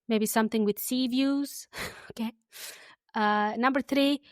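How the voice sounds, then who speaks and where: A woman hosting an English lesson podcast, friendly and easygoing, who says example phrases slowly and repeats them for listeners to copy. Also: fairly high pitch, steady tone, no room sound, studio quality. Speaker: English teacher and podcast host.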